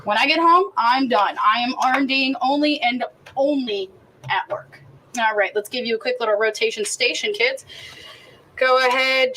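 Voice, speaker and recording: A woman's voice: a little high, bright, forceful tone, rough recording. Chatty, foul-mouthed woman cooking outdoors. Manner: chatty, profane, rambling rants. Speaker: cooking show host and chef. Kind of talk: casual cooking demonstration. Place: outdoors behind a stadium.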